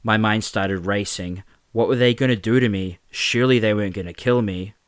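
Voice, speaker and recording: A man tells a first-person story in a steady, plain way. His voice is low, and the recording is dry and close. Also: normal speed, clean tone, no room sound. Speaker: narrator.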